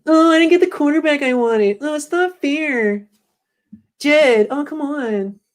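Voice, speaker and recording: Man doing a squeaky whining man-child impression; high, nasal and sulky. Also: unhurried. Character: whiny grown man sulking like a child.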